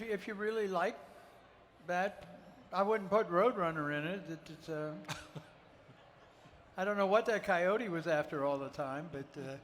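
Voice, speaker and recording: A man's voice: high voice, unhurried, fairly bright tone, long reverb tail, slight background noise. A man from Ohio, a guest chef, telling rambling, folksy stories with lots of fillers during a live cooking demo on a festival stage.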